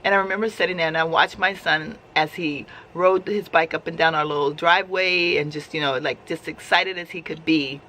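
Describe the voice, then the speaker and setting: A woman recounts a personal faith story as a casual, heartfelt testimony, speaking conversationally and often restarting her sentences. Her voice is bright and forceful. A faint hiss of noise sits behind her. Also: deep voice, steady tone, a little fast, few pauses. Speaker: vlogger sharing faith testimony.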